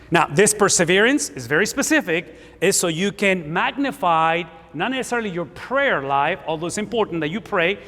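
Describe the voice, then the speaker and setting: Preacher, fifties, male, Spanish accent, high-pitched, roomy hall reverb. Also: fairly bright tone. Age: 50s. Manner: emphatic, repeats words for stress, asks the room. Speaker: pastor. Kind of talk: sermon.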